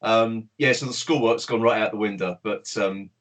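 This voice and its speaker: A man with a South London accent chatting as a podcast guest over a video call, relaxed and hesitant with lots of fillers. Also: on the low side, normal speed. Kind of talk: casual chat.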